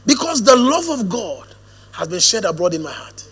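A man preaching a sermon, shifting from hushed storytelling to a firm, drawn-out preaching cadence. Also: high voice, sing-song, slightly rough. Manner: storytelling, drops to hushed quoted asides, then rises to a firm preaching cadence. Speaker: pastor. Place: church auditorium. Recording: long hall reverb.

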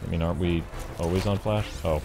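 A man's voice: low voice, steady tone, quick pace, gravelly. A man commenting on his own gameplay with wry, joking asides. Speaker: gaming commentator. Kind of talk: let's-play commentary. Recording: faint game music behind.

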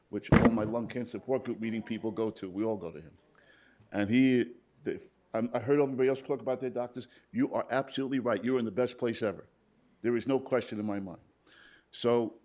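A plainspoken man with a somewhat low, slightly mellow voice tells his personal story to a live audience in a hospital event room. A paramedic and cancer survivor on a panel, he retells conversations in quoted dialogue.

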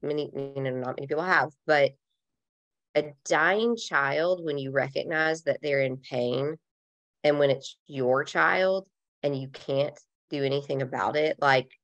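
A woman with a notably low, deep speaking voice shares a painful personal story as a podcast guest. She talks candidly and emotionally, in a loose conversational way, filling her sentences with "like.". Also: a little slow, a bit bright, dull audio. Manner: candid, emotional, many fillers like "like".

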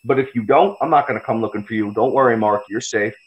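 Guy swearing and trash talking on a podcast, mid pitch, kinda muffled lo-fi sound. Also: quick pace. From United States. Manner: profane, confrontational, boastful. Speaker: guest fighter. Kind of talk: podcast interview.

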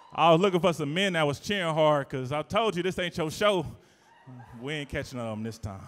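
A man hosting a live event, working the crowd in a loud, teasing, playful way with sudden shouts. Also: fairly high pitch, animated, fairly quick. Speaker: event host and emcee. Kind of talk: live hype emcee to a crowd. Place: live event venue indoors. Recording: long reverb of a big event hall.

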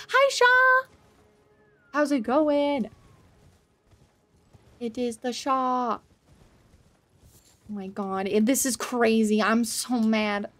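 A young woman streaming a video game, reacting with loud yelps, swearing and laughter, and joking at her own expense to her chat. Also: sits high. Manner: talks to chat, self-mocking. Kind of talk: live gameplay commentary.

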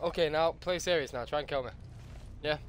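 A man's voice: on the high side, brisk, noisy background. A male streamer on a live gaming stream, barking playful mock-menacing commands at another player. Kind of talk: live gaming stream with bossy role-play. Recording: game sounds and gunfire behind.

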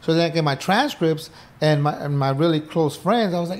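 A middle-aged man speaks as a podcast guest with a somewhat high voice. He tells his story in loose, animated talk, acting out past conversations and swearing casually along the way. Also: fairly quick. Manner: animated, acts out quoted dialogue, swears casually. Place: indoor podcast room.

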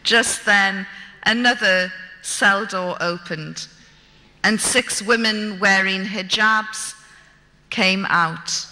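A woman's voice: medium pitch, drawn-out words, bright, forceful tone. A woman, telling a dramatic true story from her own life in a vivid, wry, self-mocking way. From Britain. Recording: long hall reverb.

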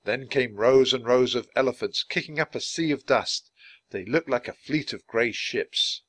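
A man reading a children's chapter book aloud clearly, for language learners. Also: mid-range voice, moderate pace, dry recording. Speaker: storybook reader.

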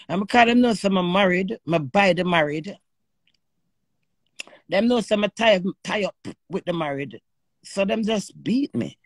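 A woman's voice: medium pitch, dry recording, studio quality. A Jamaican woman ranting on a live stream, cursing and confrontational, talking into her phone. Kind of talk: heated live-stream rant.

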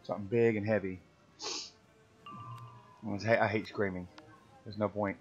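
A man's voice: lowish voice, level tone, normal speed, a little mellow, muffled recording, soft background music. A man chatting casually and swearing freely while playing a game, joking and teasing as he goes. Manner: profane, joking, hums along while playing. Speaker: game streamer. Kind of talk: casual gameplay chat.

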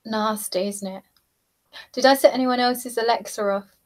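A woman's voice: on the high side, steady tone, normal speed. A young British woman from southeast England chatting casually with viewers on a livestream, reading comments and laughing often. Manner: chatty, giggly, reads out comments. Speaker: livestream host. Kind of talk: casual chat while painting.

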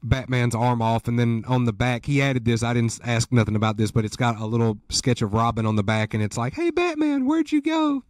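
A man hosting a casual interview, chatty and animated, telling stories with bursts of excitement. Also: a little fast, few pauses, dry recording, studio quality. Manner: animated storyteller, jumps high when excited. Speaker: host.

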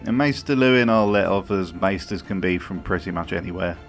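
A man's voice: sits low, a little fast, faint music behind. A man giving comedic commentary in a video essay, full of dry, sardonic asides.

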